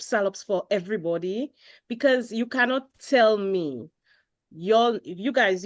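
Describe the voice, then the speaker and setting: A Saint Lucian woman co-hosting a podcast, ranting in an animated, exasperated way in casual chat. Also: medium pitch, no room sound, lo-fi sound. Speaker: podcast co-host.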